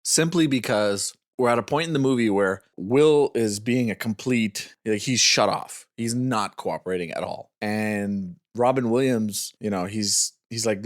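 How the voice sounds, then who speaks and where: A man's voice: on the low side, moderate pace, hardly any pauses, dry recording, clean studio sound. A man co-hosting a movie review podcast as a dad, rambling, restarting his sentences and swearing casually.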